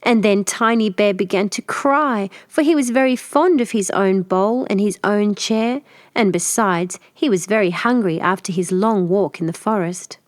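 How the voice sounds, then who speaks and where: A woman reading a fairy tale aloud in clear, measured storybook narration for learners. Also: medium pitch, no echo, studio quality.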